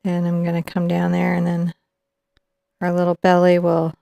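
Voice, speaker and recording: A woman's voice: lowish voice, completely flat delivery, moderate pace, gravelly, warm tone, no room sound. A woman teaching a live acrylic painting lesson, chatting and explaining each step as she paints. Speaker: art instructor.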